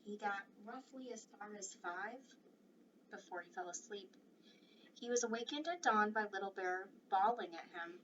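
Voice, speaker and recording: A woman reading a children's novel aloud in an expressive, varied way. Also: medium pitch, moderate pace. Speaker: reader. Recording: distant dull mic with faint noise.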